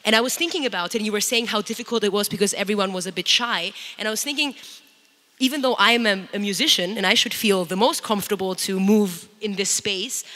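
A woman's voice: a little high, bright, forceful tone. A woman musician on a panel, speaking hesitantly and searching for words as she reflects. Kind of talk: conversational reflection. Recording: long reverb of a large hall.

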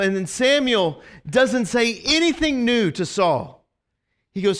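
A man's voice: very high-pitched, very animated, takes it slowly, fairly bright tone. A male pastor preaching a casual, conversational sermon in a church, rambling with restarts.

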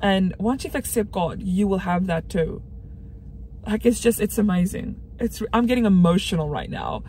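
A woman's voice: mid-range voice, moderate pace, dark tone, slight background noise. Casual vlogger: young woman, chatty and earnest, mid-range voice, faint room ambience. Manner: chatty, earnest, frequent fillers and restarts. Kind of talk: casual vlog chat.

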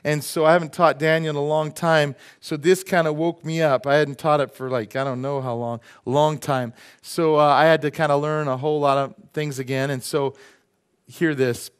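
Middle-aged male pastor, slightly high voice, casual folksy sermon with asides. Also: level tone, normal speed, smooth. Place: church sanctuary.

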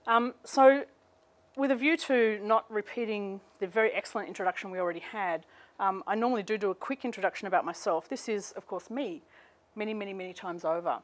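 A middle-aged woman gives a university seminar lecture into a microphone before an audience. She tells stories in a wry, anecdotal way, with mid-range pitch for a woman. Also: brisk. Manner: humorous anecdotal storytelling. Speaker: guest lecturer.

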